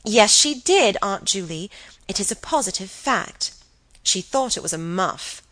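A woman's voice: mid-range voice, expressive, measured pace, fairly bright tone, dry recording. A woman voicing an impulsive, scatterbrained young woman who chatters breathlessly in an audiobook. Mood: chattering.

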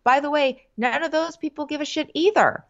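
A woman's voice: high voice, brisk, lo-fi sound. A woman co-hosting a podcast, ranting in an exasperated, sarcastic and swearing way in casual chat. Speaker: podcast co-host.

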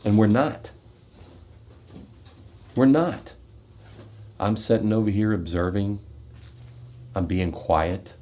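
This slow, expressive American man has a voice on the low side, with long pauses and lo-fi sound. A military veteran, he gives a fervent, confrontational monologue from a radio studio, alternating between loud outbursts and quiet, heavy asides.

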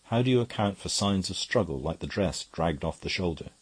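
A man voicing a calm, probing defence barrister questioning a witness. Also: low-pitched, brisk, slightly rough. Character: calm composed male defence counsel.

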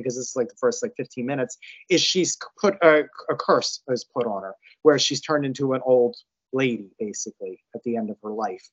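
A man's voice: on the high side, muffled recording. A man co-hosting a casual podcast chat, rambling and restarting his sentences as he goes. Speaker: podcast co-host.

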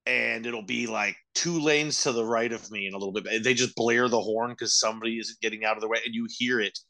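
A man's voice: mid-range voice, fairly even intonation, a little fast, creaky, bright, forceful tone. A man co-hosting a comedy podcast, telling stories in a laid-back, casual way. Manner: laid-back storytelling with filler words. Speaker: podcast co-host.

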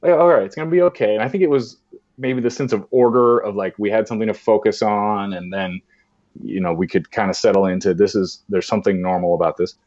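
Low-voiced man telling a story. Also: brisk. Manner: animated, acts out voices in quotes. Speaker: podcast guest. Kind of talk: storytelling in conversation. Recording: dull lo-fi sound.

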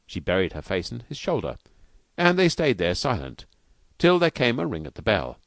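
Expressive male audiobook reader. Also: on the low side, moderate pace, dry recording. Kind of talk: audiobook narration.

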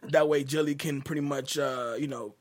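A man hosting a movie podcast in easy, casual chat. His voice sits a little high for a man, and his delivery is relaxed and laid-back. He laughs easily and swears offhandedly. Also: normal speed. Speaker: podcast host.

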